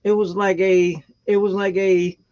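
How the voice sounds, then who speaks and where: High-voiced man in chatty livestream. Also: a little slow, muffled recording. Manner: rambling and animated, laughs often. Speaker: host of a live music stream. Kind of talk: casual chat.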